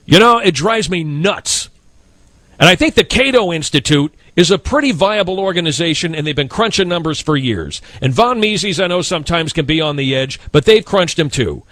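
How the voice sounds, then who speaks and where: A man hosting a talk radio show delivers a fiery, blunt rant in a high, lively voice. His tone swings widely and stays emphatic and indignant throughout. The sound is dry and close, straight from the studio mic. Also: no room sound.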